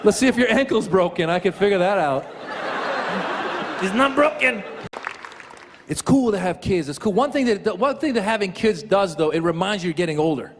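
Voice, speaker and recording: Animated high-voiced male stand-up comic. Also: quick pace, hardly any pauses, in a large hall. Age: middle-aged. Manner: animated, acts out voices and sounds. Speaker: stand-up comedian. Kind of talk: stand-up comedy set. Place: comedy stage before a live audience. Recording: live show with loud crowd laughter and noise.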